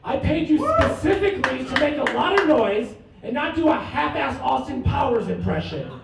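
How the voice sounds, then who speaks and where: A man's voice: very high voice, big pitch swings, normal speed, gravelly, heavy background noise. A man doing a stand-up comedy set in a bar, with cocky, mock-boastful bragging. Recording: echoey room from far off.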